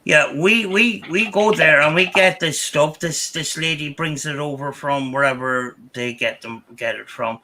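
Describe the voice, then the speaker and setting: A man telling a story on a casual podcast, his voice very bright and forceful. He rambles, restarts his sentences and keeps saying "I says". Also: fairly high pitch, a little slow, hardly any pauses, rough recording. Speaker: podcast host.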